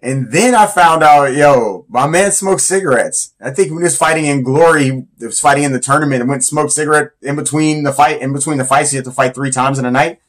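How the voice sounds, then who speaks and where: A man's voice: a little high, fairly quick, hardly any pauses. Slangy, rambling man talking casually. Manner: loose, rambling, slangy and enthusiastic. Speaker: Muay Thai fighter counting down his influences. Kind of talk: casual countdown talk.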